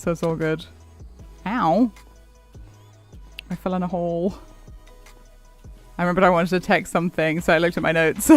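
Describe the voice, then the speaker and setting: High-voiced man chatting on stream. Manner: chatty, rambling, laughs often, answers chat. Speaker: game streamer. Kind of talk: casual live-stream chat while gaming. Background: faint background music.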